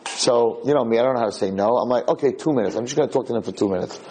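A middle-aged American man, a rabbi, giving an animated storytelling lecture and acting out the people in his story. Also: medium pitch, very fast, rough recording.

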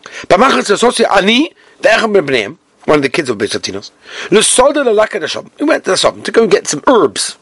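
A man's voice: sits high, huge pitch swings, fast, a bit bright, slightly rough, no room sound. A man with an English accent teaching a Talmud class, translating line by line with a sing-song chant and lots of Hebrew terms. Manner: acts out quoted speakers in sing-song chant.

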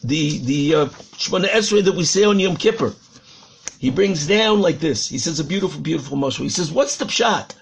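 Gravelly high-voiced rabbi preaching. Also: male voice, expressive, fairly quick, slight background noise. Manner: dramatic storytelling, repeating words for emphasis. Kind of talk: Torah sermon.

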